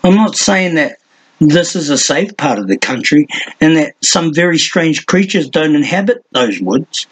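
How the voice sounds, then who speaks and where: A man's voice: a little high, animated, measured pace, husky, rough recording. A man reading an audiobook and voicing a lean, sardonic young male hunter with a mocking, theatrical manner. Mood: reasoning.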